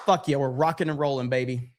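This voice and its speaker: A man's voice: medium pitch, fairly even intonation, fast talker, a little hiss or hum. A man hosting a casual livestream, rambling sarcastically and reading out chat messages. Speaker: livestream host.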